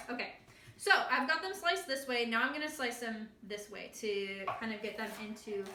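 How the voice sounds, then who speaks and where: A woman's voice: fairly high pitch, echoey room, noisy background. A young woman hosting a casual cooking tutorial, chatty and self-deprecating, joking through her kitchen mishaps. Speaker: library cooking tutorial host. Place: home kitchen.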